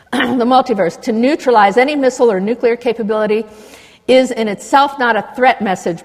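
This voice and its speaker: An older woman giving an impassioned conference lecture, digressive and full of indignant asides. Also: on the high side. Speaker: conference speaker. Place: lecture hall with long reverb. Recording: reverberant hall recording.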